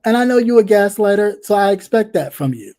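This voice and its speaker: A livestream commentary host talking casually and bluntly to a viewer, repeating phrases and trailing off into soft fillers. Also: medium pitch, animated, a little fast. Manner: sassy and blunt, addressing a viewer directly. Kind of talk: casual live-stream commentary.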